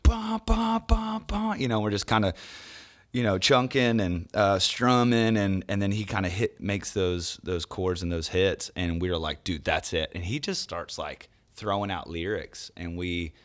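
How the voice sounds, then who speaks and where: A man with a deep, low voice tells a story as an interview guest, animated and full of laughter. He acts out the voices of other people as he goes. He grew up in the US South. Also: moderate pace. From Charleston, US South. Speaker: guest, worship songwriter.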